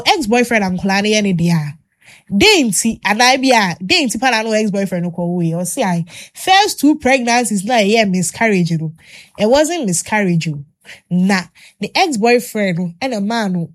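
A woman host telling a long story in casual chat, animated, with many fillers and restarts. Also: mid-range voice.

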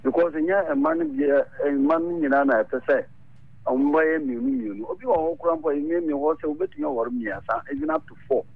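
A man calling in to a radio show, giving animated advice and switching between his local language and English. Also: fairly high pitch, quick pace, creaky, no echo. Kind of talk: radio call-in talk. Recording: lo-fi radio broadcast.

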